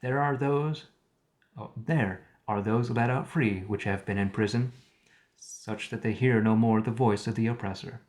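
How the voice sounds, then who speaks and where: A man's voice: fairly low pitch, a little mellow. A man reading the Bible aloud on a live stream, stopping now and then to paraphrase old words and add his own comments. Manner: reads archaic text, pausing to paraphrase words and comment.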